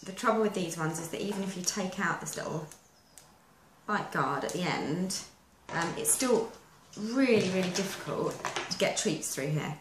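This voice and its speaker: A woman with a lowish voice walks through dog training in a chatty, practical way. She is recorded in an echoey room with faint background noise. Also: moderate pace. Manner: chatty, practical step-by-step explaining. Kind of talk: instructional how-to video.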